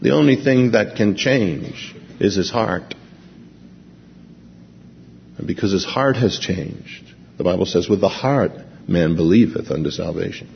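A man preaching a sermon, reading scripture slowly and then explaining it in a conversational way. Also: low-pitched, gravelly, in a large hall, dull audio, a little hiss or hum.

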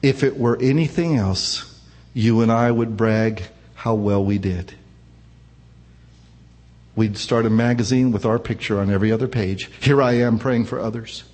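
A man's voice: on the low side, unhurried, long pauses, a little mellow. A man preaching a sermon, retelling a scripture story with emphatic rises and falls. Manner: emphatic preaching, rising and falling. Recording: long hall reverb.

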